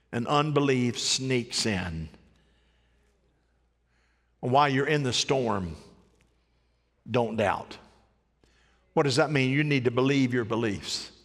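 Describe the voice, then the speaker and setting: Man preaching a dramatic sermon, hall reverb. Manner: dramatic swings between loud rising cries and low hushed phrases.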